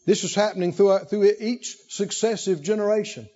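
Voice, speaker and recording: A man preaching a sermon with animated, rhythmic repetition and emphatic phrasing. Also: high-pitched, a little fast, muffled recording.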